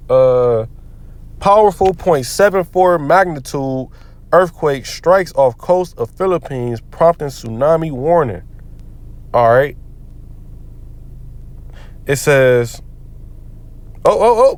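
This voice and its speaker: A man with a high, very lively voice that swings up and down as he rants. He talks in a heated, profane, preachy way, like a street preacher. He breaks off to read scripture aloud in commentary style. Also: unhurried, pauses often. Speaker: commentary vlogger.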